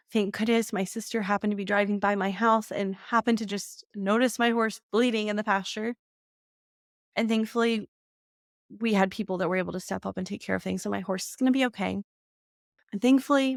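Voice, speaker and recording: A woman's voice: medium pitch, no room sound, studio quality. A woman, hosting a podcast and candidly telling a personal story, laughing often as she talks. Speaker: podcast host.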